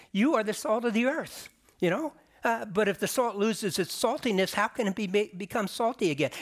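A man's voice: high-pitched, fairly bright tone. A man delivering a sermon as a pastor, explaining scripture in a conversational way and rising for emphasis. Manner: conversational preaching with restarts and emphatic rises. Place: church sanctuary.

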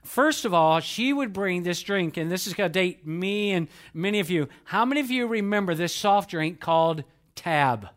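A middle-aged pastor from Georgia, US, delivers a Sunday sermon in a fairly high, expressive voice. He tells stories earnestly and slows right down whenever he quotes scripture.

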